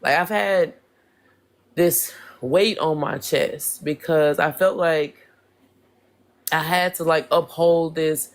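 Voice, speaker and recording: Slow-talking guest, halting, many restarts, casual chat. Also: medium pitch, steady tone.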